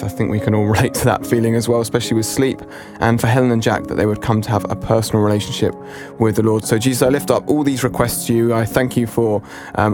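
A male radio host praying aloud on a morning show, in a plain, unhurried way. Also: medium pitch. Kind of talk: radio prayer and chat.

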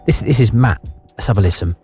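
A man's voice: on the low side, animated, fairly quick, soft background music. A man presenting a live radio charity appeal, effusive and emotional as he thanks givers and urges listeners to donate. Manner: warm, effusive, emotional encouragement. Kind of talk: live radio fundraising chat.

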